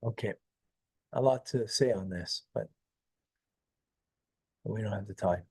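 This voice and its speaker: A man's voice: fairly low pitch, a little slow, mellow, breathy edge. A man, a rabbi, teaching a Torah class, reading verses aloud, translating them and quizzing a student before explaining. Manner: questions the student and then explains.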